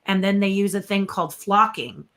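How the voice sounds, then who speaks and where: An older woman tells a story in a casual interview, her voice sitting at an ordinary middle pitch. She is lively and animated, and she acts out the quoted dialogue as she goes. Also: normal speed. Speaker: guest puppeteer.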